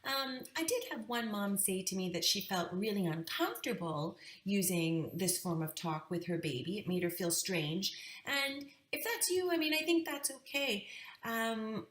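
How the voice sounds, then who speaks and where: A parenting educator in her thirties explains to parents how babies pick up language, teaching in a friendly way. Her medium-pitched voice is animated and fairly bright, at a normal pace. The room has an echo.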